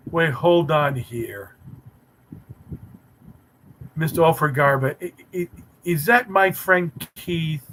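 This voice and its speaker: A man's voice: fairly high pitch, slow pace, long pauses, a bit bright, slight background noise, poor audio. A man hosting a casual live stream, teasing and bantering sarcastically with his chat viewers.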